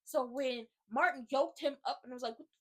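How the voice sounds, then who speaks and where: Woman vlogger, high voice, slangy and animated, rants to camera about the latest episode. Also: normal speed. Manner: animated, slangy, talks straight to viewers. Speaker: YouTube host recapping a TV drama. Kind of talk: casual ranting recap.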